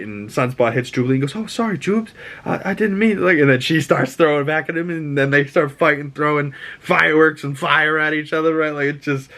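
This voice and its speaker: Boston-accented male podcast host, mid-pitched, loose and profane recap style. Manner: rambling, animated, swears, acts out lines. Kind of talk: casual show recap.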